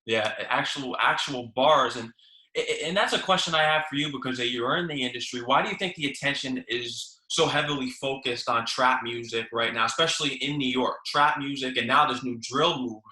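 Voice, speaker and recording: A man's voice: mid-range voice, a little fast, sharp tone. A man hosting an interview, asking questions eagerly and chiming in to agree. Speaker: podcast host. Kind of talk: casual interview chat. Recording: roomy echo.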